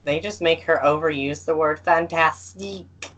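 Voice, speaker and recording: A man's voice: on the high side, steady tone, a bit bright, slight background noise, poor audio. A man co-hosting a podcast in casual chat, hesitant and full of fillers. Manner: slow and hesitant, with many fillers. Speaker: podcast co-host. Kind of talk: casual chat about games.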